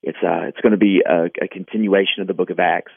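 A man, a pastor, speaking hopefully and in a measured way as a podcast guest. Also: deep voice, steady tone, vocal fry, no echo. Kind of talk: faith podcast conversation. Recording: tinny phone line.

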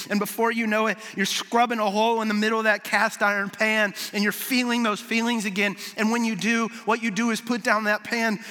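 Guy pastor preaching, high bright voice, big hall reverb, animated then drops soft and low. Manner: animated storytelling, dropping low and soft for emphasis. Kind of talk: sermon. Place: large hall with audience. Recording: long reverb of a large hall.

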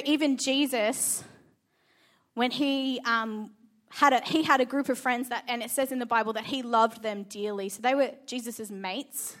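A woman's voice: fairly high pitch, a bit bright. Earnest Australian woman preaching a sermon. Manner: earnest personal storytelling, emphatic.

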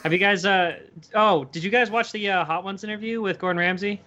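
A man's voice: high voice, a little fast, bright, forceful tone, muffled recording. A man co-hosting a casual podcast chat, talking offhand with plenty of fillers.

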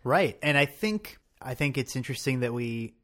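Male podcast co-host, mid pitch, casual and reflective, frequent restarts. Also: lively intonation, normal speed, fairly bright tone. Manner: thoughtful, restarts sentences often. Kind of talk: casual discussion.

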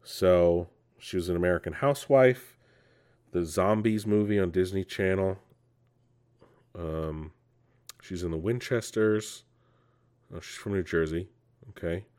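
Low-voiced man rambling through movie news. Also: a little slow, pauses often, darkish tone. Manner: rambling, frustrated, many fillers. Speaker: host. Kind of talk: casual entertainment news chat.

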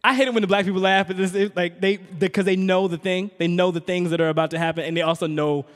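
A man's voice: high voice, fairly even intonation, fast talker. A man from Richmond, Virginia, telling a comic story on stage and teasing the crowd with frequent asides. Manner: conversational, teasing the audience with frequent "right?". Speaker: comedian and spoken-word poet. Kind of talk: stand-up comedy storytelling. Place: stage in a hall. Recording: long reverb of a performance hall.

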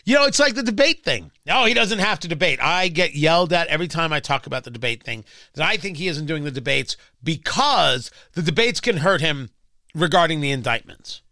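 Radio host guy ranting emphatic and sarcastic, bright tense tone, dry close sound. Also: on the high side, lively intonation, fairly quick, no room sound. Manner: emphatic and sarcastic, mocking voices in asides. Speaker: radio talk show host. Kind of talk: political talk radio commentary.

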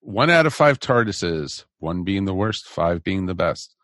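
A man's voice: low voice, very animated, measured pace, a bit bright, no echo, studio quality. A man hosting a casual podcast chat, joking around as he leads the group. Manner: jokey, leads the rating round. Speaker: podcast host.

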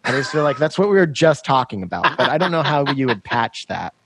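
Laid-back gravelly man hosting a chat. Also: medium pitch, sing-song, a little fast, fairly bright tone. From Washington state. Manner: laid-back, laughs often, restarts phrases. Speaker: podcast host. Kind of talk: casual chat.

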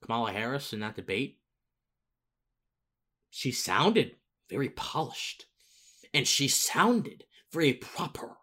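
A man's voice: medium pitch, very animated, slow pace, pauses often, sharp tone, breathy edge. A man hosting a casual political monologue, rambling with restarts and rising into emphatic outbursts. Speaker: political commentary host.

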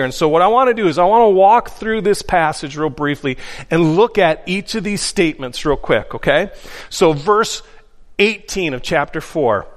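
A man preaching a sermon from the pulpit, earnest and emphatic, repeating his key phrases for weight. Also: sits high. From Upper Midwest of the US. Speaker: pastor. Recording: long hall reverb.

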